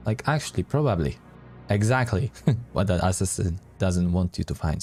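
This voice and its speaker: A man's voice: low-pitched, lively intonation, moderate pace, a little mellow, soft background music. A man playing a game on stream, reading its text aloud dramatically and breaking off with surprised asides. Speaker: let's play streamer.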